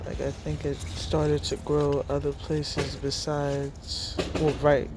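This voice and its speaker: A laid-back man talks slowly and flatly through a garden tour, rambling and chuckling to himself as he films by hand. His voice sits a little high, recorded outdoors with heavy traffic rumbling behind. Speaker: gardening vlogger. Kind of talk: casual walkthrough narration. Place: outdoor home garden and front porch. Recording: outdoor clip with loud traffic noise. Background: loud traffic and street ambience.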